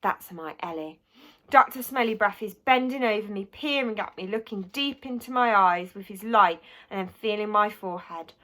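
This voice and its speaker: A woman's voice: mid-range voice, moderate pace, sharp tone. A woman reading a children's book aloud, narrating expressively in the first person. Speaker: audiobook reader.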